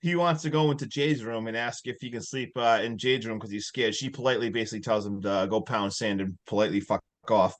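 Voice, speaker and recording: A man hosting a podcast, retelling a film plot in a loose, excitable way and swearing casually. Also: fairly low pitch, quick pace, hardly any pauses. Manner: excitable storytelling, loose and profane. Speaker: podcast host. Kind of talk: casual movie recap.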